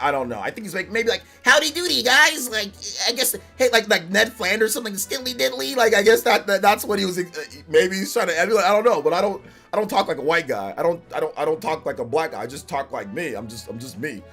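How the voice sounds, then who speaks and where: A man's voice: a little high, lively intonation, a little fast, a bit bright, soft background music. A man chatting casually on a live stream. He rambles and repeats himself, laughs often, and peppers his talk with slang like "bro" and "you know what I'm saying". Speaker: live streamer reacting to a game trailer.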